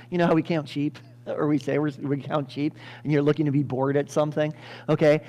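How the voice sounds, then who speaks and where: A male pastor telling a Bible story in a lively sermon, acting out the characters with sudden loud bursts and frequent laughter. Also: on the high side, brisk. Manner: animated, acts out characters with sudden loud jumps, laughs often. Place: church.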